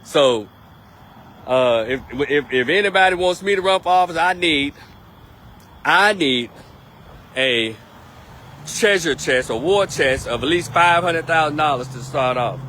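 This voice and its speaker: A man's voice: a little high, animated, measured pace, pauses often, pushed and bright, a little hiss or hum. A man giving a blunt, emphatic political monologue on a live stream, repeating his points.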